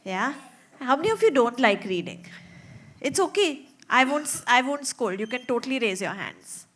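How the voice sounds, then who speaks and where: A woman's voice: fairly high pitch, very animated, moderate pace, fairly bright tone. A woman telling a story to young children in a small theater, chatty and asking them lots of questions.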